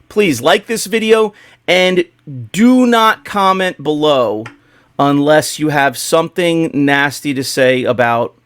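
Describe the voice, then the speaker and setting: A man's voice: on the high side, fairly bright tone, no room sound, studio quality. A man hosting a casual podcast, opening the show in an upbeat, joking way. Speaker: podcast host.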